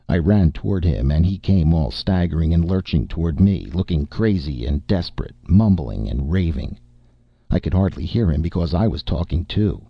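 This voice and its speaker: Man, story reading, brooding, husky, dry close sound. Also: very deep voice, no room sound. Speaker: narrator. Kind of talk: first-person story reading. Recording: muffled lo-fi recording.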